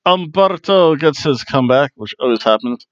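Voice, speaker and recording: A man's voice: a little high, expressive, normal speed, no echo, highs cut off. Man rambling through a wrestling recap. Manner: rambling and jokey, with many fillers and restarts. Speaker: podcast host reviewing wrestling. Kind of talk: casual wrestling review monologue.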